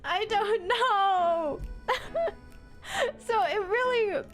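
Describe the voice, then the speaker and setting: Woman vtuber rambling through a story, really high voice, keeps laughing and tripping over her words, soft music underneath. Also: extremely slow. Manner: animated storytelling with frequent laughter; self-repeating, stumbling restarts. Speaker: VTuber streamer. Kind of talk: casual chat stream.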